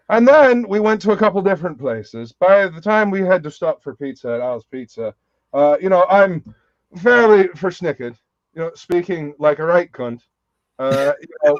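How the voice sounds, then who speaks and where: A man hosting a casual live chat, telling rambling, profane stories and laughing often. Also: a little high. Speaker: host. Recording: dull, dry lo-fi sound.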